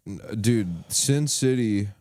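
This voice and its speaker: A man's voice: lowish voice, expressive, takes it slowly, darkish tone, dry recording. A young man co-hosting a podcast, chatting casually, rambling through stories and swearing freely. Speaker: podcast co-host. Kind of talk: casual chat.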